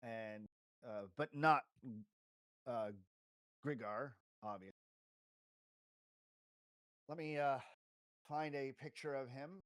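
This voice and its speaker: A man's voice: medium pitch, slow, pauses often, a bit bright, clear, resonant tone, no echo. A man narrating as game master in a tabletop game, with rambling narration broken up by hesitations.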